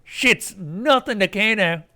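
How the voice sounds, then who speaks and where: A man voicing a brash, foul-mouthed male punk who speaks of himself in third person, in a shouty, crude and boastful manner. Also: high voice, animated, slow, voice pushed up, heavily acted.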